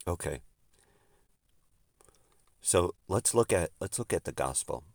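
A man preaching a sermon, swinging between emphatic outbursts and hushed, quiet stretches. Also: low voice, animated, slow, creaky.

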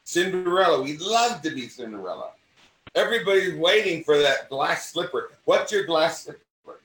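A man with a mid-Atlantic accent, an acting teacher talking in an interview, animated and given to restarting his sentences. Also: fairly high pitch, normal speed. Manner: animated, repeats and restarts phrases. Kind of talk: conversational interview. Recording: roomy sound from distance.

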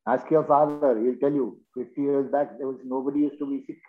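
A man's voice: medium pitch, fairly even intonation, brisk. A man, a guest in an interview, telling stories in an earnest, persuasive way and in short phrases. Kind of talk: earnest conversational storytelling. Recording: tinny phone-like call audio.

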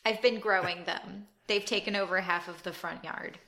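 A woman playing a tabletop game, speaking as her character in an eager, animated way. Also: mid-range voice, moderate pace, slight background noise. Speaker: player. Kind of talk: tabletop role-play.

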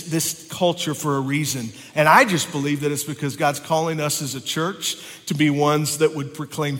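A man's voice: a little high, a bit bright. A male pastor preaching a sermon in a church, building with passion and often repeating words as he goes. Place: church sanctuary. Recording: long reverb of a church hall.

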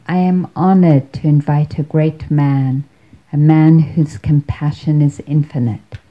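A woman's voice: low voice, steady tone, measured pace, dull audio. Woman quoting a gushing male emcee. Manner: effusive and formal.

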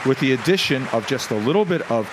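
A man's voice: medium pitch, animated, quick pace, noisy background. A man co-hosting a show in casual comedic banter, jokey and rambling, recorded in a restaurant before a live audience. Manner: jokey, rambling, trips over his words. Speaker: co-host.

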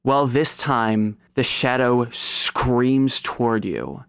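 A man's voice: mid-range voice, slow pace, a bit bright, clear, resonant tone, dry recording, clean studio sound. A man running a tabletop game, narrating the scene dramatically for the players. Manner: dramatic storytelling, dropping to whispers. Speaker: game master.

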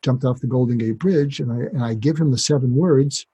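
A man speaking as a doctor guest on a podcast interview, explaining calmly and acting out short exchanges to demonstrate. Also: mid-range voice, a little fast, husky, rough recording. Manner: calm, explanatory, demonstrates dialogue.

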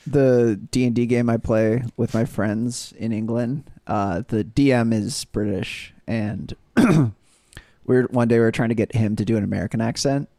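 A man with an ordinary middle-pitched voice tells a story in casual podcast chat. He laughs often and slips into quick quoted voices. The sound is dry and close. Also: steady tone, mellow, no echo. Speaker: podcast co-host.

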